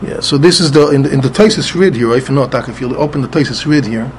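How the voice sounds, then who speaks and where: A man's voice: mid-range voice, fast talker, slight background noise. Methodical man explaining a Talmud text. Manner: repeats words often while explaining, patient and methodical; spells out Hebrew letters and vowels with Ashkenazi pronunciation. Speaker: Talmud study teacher.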